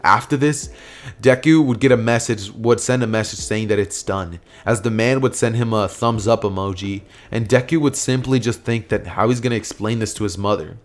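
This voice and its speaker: A man's voice: fairly low pitch, moderate pace. A man casually narrating a fan story, rambling with lots of fillers and restarts.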